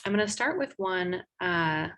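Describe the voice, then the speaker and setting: A woman's voice: lowish voice, lively intonation, a little slow, a bit bright, slight background noise, rough recording. A woman moderating an online debate, chatty and playful while reading out audience questions.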